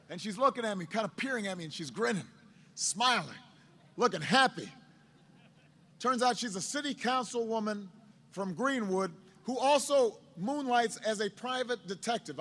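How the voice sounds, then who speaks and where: A middle-aged politician with a voice that sits high and a bit bright tells a story while addressing a crowd. His delivery is halting and full of repeated words.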